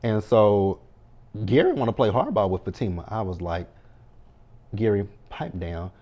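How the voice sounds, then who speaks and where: A man's voice: on the low side, big pitch swings, unhurried, highs cut off. A man giving a casual, blunt, profane recap of a TV episode and talking back to the characters as he goes. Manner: blunt, profane running commentary. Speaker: TV show recapper.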